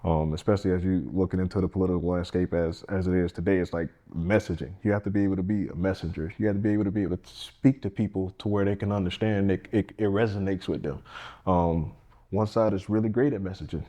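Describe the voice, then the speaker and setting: A man's voice: deep voice, steady tone, quick pace, warm tone. A man, a candidate speaking earnestly and plainly in a casual interview, often restarting his sentences. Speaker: congressional candidate and firefighter.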